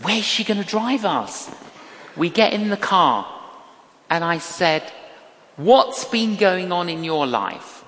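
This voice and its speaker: An older woman preaching a sermon, telling stories from her own life in an emphatic, measured way. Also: fairly low pitch, in a large hall. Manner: slow, emphatic preaching with lively storytelling. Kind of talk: sermon with storytelling.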